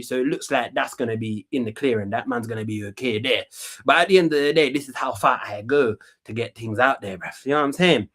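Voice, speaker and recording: A man's voice: medium pitch, normal speed, a bit bright. A man hosting a comedic talk show, rambling and boastful in character.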